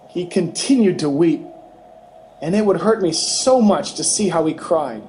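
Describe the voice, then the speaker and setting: Man, high voice, very slow, earnest testimony reading, faint background noise. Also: expressive, a little mellow, low-quality recording. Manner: measured, earnest storytelling. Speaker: narrator of a testimony.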